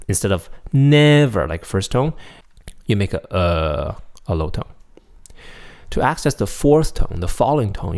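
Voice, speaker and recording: A man's voice: low-pitched, creaky, a little mellow. A man teaching a pronunciation lesson, demonstrating sounds and checking in with the listener often. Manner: demonstrates tones, checks in with "right?" and "okay?". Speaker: Chinese teacher.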